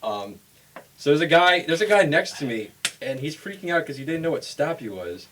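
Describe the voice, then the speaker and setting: A man's voice: a little high, fairly quick, recorded from a distance, slight background noise. A young man hosting a casual podcast with friends, telling stories animatedly and acting out the people he quotes. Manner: animated storyteller who acts out people he quotes. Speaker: podcast host. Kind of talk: casual chat among friends.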